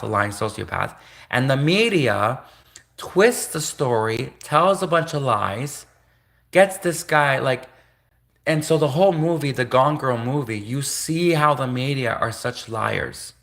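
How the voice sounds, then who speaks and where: A man hosting a live stream in a bright, forceful voice. He rambles and repeats himself in a conspiratorial tone. He keeps cutting himself off mid-sentence to correct himself. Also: mid-range voice. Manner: rambling, repetitive, conspiratorial, self-interrupting. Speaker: livestream host.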